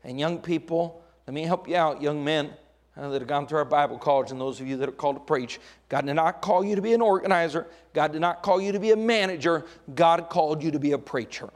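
Impassioned male preacher, fairly high voice. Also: fast. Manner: preaching with dramatic rises, acting out quoted voices. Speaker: pastor. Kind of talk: sermon.

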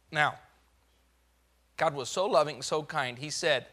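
High, bright-voiced preacher acting out scripture. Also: male voice, unhurried, pauses often. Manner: dramatic, swings from hushed to loud, acts out God's lines. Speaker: pastor. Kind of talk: sermon.

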